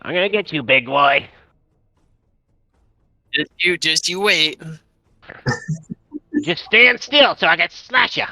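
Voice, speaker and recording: Man doing a shrill gravelly goblin, sneering and bright, lo-fi call with music behind. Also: big pitch swings, slow pace, pauses often, no room sound, exaggerated voice. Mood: taunting. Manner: jeering, menacing. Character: taunting male goblin, small and vicious.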